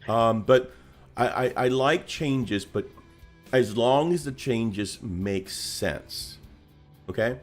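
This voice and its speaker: A man's voice: medium pitch, slow pace, soft background music. A man co-hosting a casual livestream chat, talking in a rambling way with many restarts and fillers. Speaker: co-host.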